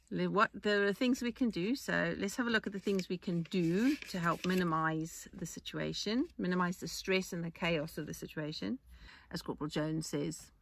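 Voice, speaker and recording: Lady chatting on her podcast, lowish voice, keeps restarting, dry close mic. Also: normal speed, fairly bright tone, no echo. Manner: chatty, rambling with restarts and asides. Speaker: podcast host. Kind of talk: casual monologue.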